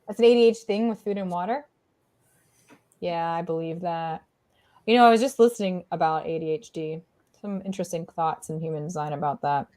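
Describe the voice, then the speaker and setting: A woman's voice: on the low side, fairly quick, warm tone. Casual bubbly woman co-host, playful voices for pets. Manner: bubbly, playfully acts out pets' thoughts in voices. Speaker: co-host of a pet healing livestream. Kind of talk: casual chat.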